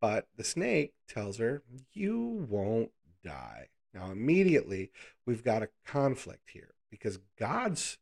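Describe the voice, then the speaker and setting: A man's voice: medium pitch, big pitch swings, measured pace, gravelly, darkish tone. A man preaching a casual, conversational Bible lesson, asking the listeners rhetorical questions and adding playful asides.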